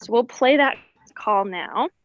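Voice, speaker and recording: A woman, a wildlife educator, giving an explanatory presentation about birds and often pausing on "um". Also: a little high, no room sound, highs cut off. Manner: explanatory, with frequent ums.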